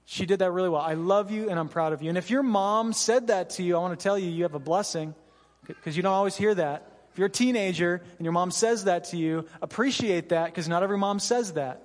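A man with a notably high voice preaches an earnest, conversational sermon to his congregation. He talks straight to the room and keeps tossing in "you know" and "right?" asides. His words ring out with the long reverb of a large church hall. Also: a little fast. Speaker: pastor.

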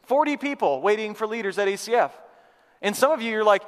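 A man's voice: high voice, expressive, quick pace, long reverb tail. A man preaching a sermon as pastor, reading scripture and then talking earnestly and conversationally with his congregation, calling for their responses. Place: church sanctuary.

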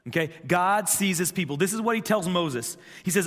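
A man's voice: high voice, lively intonation, moderate pace, hardly any pauses, a bit bright. Man preaching in an echoing hall. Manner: conversational, repetitive, emphatic preaching. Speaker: pastor. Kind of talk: sermon. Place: church. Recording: long church hall reverb.

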